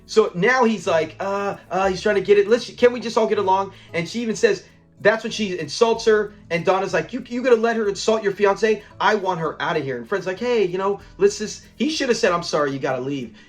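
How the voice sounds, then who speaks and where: Host, male, high pitch, animated casual recap voice, faint music bed. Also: brisk. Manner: animated retelling, acting out lines, laughing. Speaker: show review channel host.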